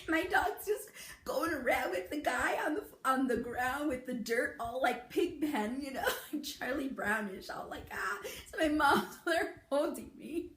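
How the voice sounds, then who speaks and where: Giggly high-voiced woman telling a story. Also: fairly bright tone. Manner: giggly, laughing through the story. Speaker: beauty vlogger. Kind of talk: casual storytelling. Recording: echoey room.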